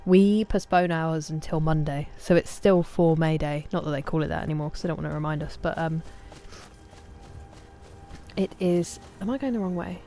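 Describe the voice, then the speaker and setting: A woman with an English accent streaming a game, chatting casually and warmly greeting viewers by name, sometimes dropping to a whisper. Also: low voice, fairly even intonation, normal speed.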